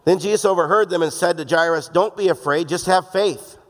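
A male pastor with a fairly high voice preaches in a loose, joking style and slips into the voices of the people he quotes. His voice rings out with a long reverb, as in a large church hall. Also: a little fast. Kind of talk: sermon.

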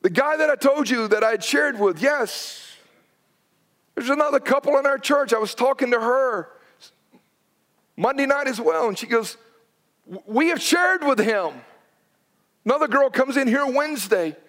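A man in his forties preaches a sermon with a notably high voice. He tells stories and acts out the people in them, pressing his points with urgency. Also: lively intonation, moderate pace, fairly bright tone. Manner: storytelling with acted quotes, urgent emphasis. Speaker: pastor.

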